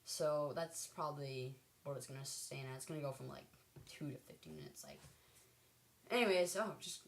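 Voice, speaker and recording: A woman's voice: a bass voice, sing-song, normal speed. A teenage girl telling school stories to the camera in a rambling, giggly way, full of ums and likes. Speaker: vlogger. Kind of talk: casual storytelling to camera.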